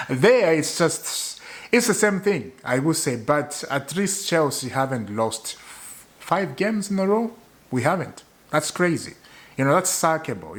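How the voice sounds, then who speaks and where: A young man ranting to camera as a frustrated football fan. His pitch swings up and down in a lively way, and he circles back and repeats his complaints for emphasis. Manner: exasperated, repeats points for emphasis. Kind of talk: casual fan rant to camera.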